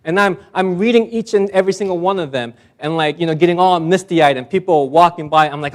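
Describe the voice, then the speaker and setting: Pastor, man, slightly high voice; warm self-mocking stories, emphatic at the close. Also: quick pace, few pauses. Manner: personal, self-deprecating humor, builds to emphatic close. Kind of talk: sermon.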